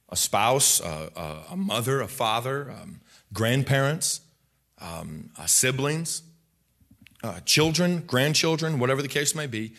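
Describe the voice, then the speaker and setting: A pastor in his thirties delivers a lively sermon in a medium-pitched voice, acting out people's voices and rising to a shout for emphasis.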